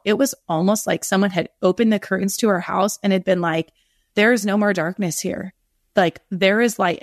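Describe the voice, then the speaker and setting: A woman's voice: medium pitch, no room sound, clean studio sound. A middle-aged woman speaking as a guest author in a podcast interview, earnest and rambling, often correcting herself.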